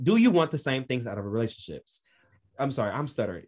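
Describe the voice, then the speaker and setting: Animated, playful podcast co-host. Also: male voice, medium pitch, quick pace. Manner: animated, playful, laughing often. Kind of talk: casual podcast chat.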